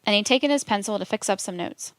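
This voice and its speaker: A woman reading a transcript aloud for a documentary in a measured, steady delivery. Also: medium pitch, no echo. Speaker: documentary reader.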